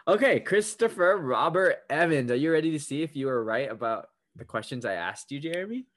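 A man's voice: on the high side, expressive, brisk, fairly bright tone. Giggly, teasing man hosting a quiz. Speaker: podcast co-host. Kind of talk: casual chat.

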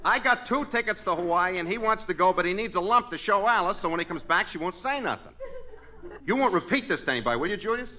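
A man playing a scheming, fast-talking sidekick in a 1950s radio sitcom. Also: high voice, expressive, bright, forceful tone, a little hiss or hum. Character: scheming wisecracking male sidekick.

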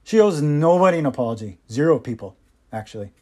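A man's voice: a little high, lively intonation, quick pace, warm tone, slightly rough. A man hosting his own podcast, giving impassioned, sarcastic solo commentary with mocking asides. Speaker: podcast host.

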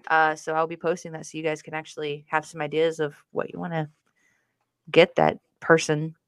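A woman co-hosting a casual podcast, playful and quick to laugh. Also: deep voice, monotone, clear, resonant tone, dry recording, studio quality. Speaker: podcast co-host. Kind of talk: casual chat.

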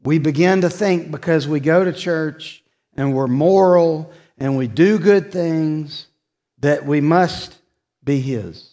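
A man preaching a sermon in a church, earnest and confessional, dropping from emphatic lines to soft, hushed ones. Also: a little high, takes it slowly. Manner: earnest, confessional, swings from loud emphasis to soft near-whisper. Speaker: pastor. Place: church sanctuary.

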